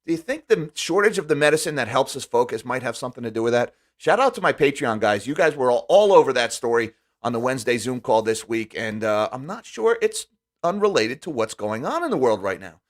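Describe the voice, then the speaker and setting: A man's voice: mid-range voice, expressive, fairly quick. A man hosting a finance commentary channel, reading headlines and reacting with dry sarcasm while talking straight to his viewers. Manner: sarcastic, talks directly to viewers. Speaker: finance video host.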